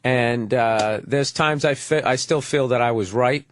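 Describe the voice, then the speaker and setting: A man's voice: medium pitch, measured pace, slight background noise. A man in a radio studio, telling stories animatedly and acting out arguments. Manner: animated storyteller, acts out arguments. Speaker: radio talk show panelist. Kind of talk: casual studio banter.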